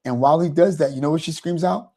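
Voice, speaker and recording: Man with a dark, rambling delivery. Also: a little high, fast. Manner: rambling, repeats "you know". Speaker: host. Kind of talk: motivational talk.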